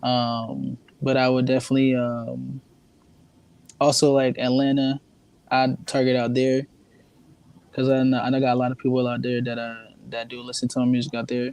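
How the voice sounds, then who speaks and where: A man from New Jersey chats as a podcast guest in a relaxed, unhurried way. His voice has a gravelly creak, and he pads his thoughts with easy fillers. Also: medium pitch, dry recording, low-quality recording. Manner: laid-back, many fillers like um and like. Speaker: musician guest. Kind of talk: casual interview chat.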